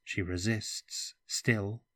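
A man reading a calm, stern woman wizard. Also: lowish voice, dry recording, full character voice. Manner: calm, measured, quiet.

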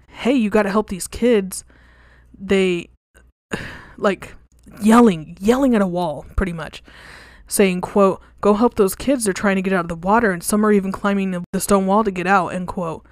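A young woman talks through a ghost story on her podcast, casual and blunt, cursing freely and leaning on fillers like "like" and "you know." Her voice sits in a middle pitch. The recording is dry and close, with no room sound around it. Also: no echo. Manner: candid and profane, with frequent fillers. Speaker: podcast host. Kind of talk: casual storytelling about hauntings.

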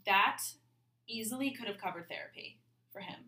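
A woman co-hosts a casual true-crime podcast from an echoey bathroom, sounding off-mic and distant with a little hiss or hum. Her medium-pitched voice is pushed and bright at a moderate pace, and she talks emphatically, swearing when she gets angry.

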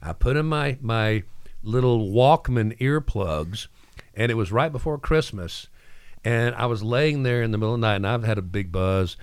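Guy hosting morning radio, tells stories all animated, dry close sound. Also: fairly low pitch, moderate pace, clean tone, dry recording. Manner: animated, acts out voices in his stories. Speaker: radio morning show host. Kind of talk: casual radio chat and storytelling.

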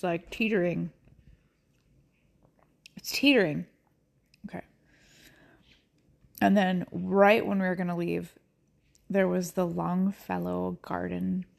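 A woman's voice: lowish voice, vocal fry. A middle-aged woman hosting a podcast from home, chatting casually and rambling, often laughing and slipping into whispers. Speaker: podcast host. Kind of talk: casual chat.

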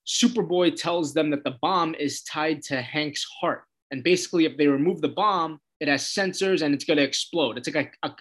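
A man with a slightly higher-than-average voice talks through a TV episode in a loose, casual recap. He swears freely and chats along, acting out quoted lines in shifting voices as he goes. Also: fairly bright tone. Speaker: show host recapping a TV episode.

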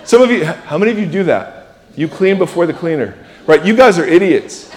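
A man preaching a sermon in a church, conversational and self-deprecating, moving between loud emphasis and hushed asides. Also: high-pitched, animated, fairly quick, long reverb tail. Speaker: pastor. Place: church sanctuary.

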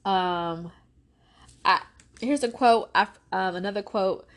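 A woman's voice: mid-range voice, slow pace. A woman in her thirties with a lilt speaks as a podcast host on faith and parenting. She talks earnestly, like a preacher, circling back to repeat key phrases for emphasis. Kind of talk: faith-based parenting talk.

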